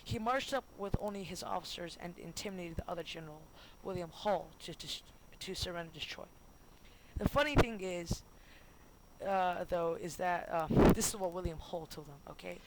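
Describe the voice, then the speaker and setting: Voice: medium pitch, normal speed. A student narrating a homemade history video in a goofy, rambling way, full of fillers and self-corrections. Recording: noisy home recording with clicks.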